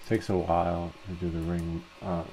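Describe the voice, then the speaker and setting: Male tutorial host, low gravelly voice, dark tone, relaxed think-aloud delivery, faint hiss underneath. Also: normal speed. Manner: relaxed, thinks aloud step by step while working. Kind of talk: casual screen-share tutorial narration.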